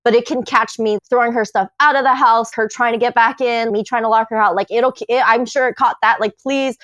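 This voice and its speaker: A woman on a podcast telling her own story in casual chat, animated and swearing, acting out what people said. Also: on the high side, fairly quick, dry recording, muffled recording. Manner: animated, swearing, acts out quotes.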